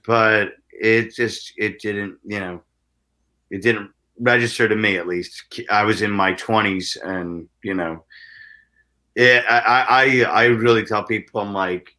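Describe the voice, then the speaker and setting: Sex: man. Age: 30s. Role: musician guest. Style: casual storytelling interview. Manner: animated, profane, stammering restarts. Timbre: bright. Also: lowish voice, a little slow.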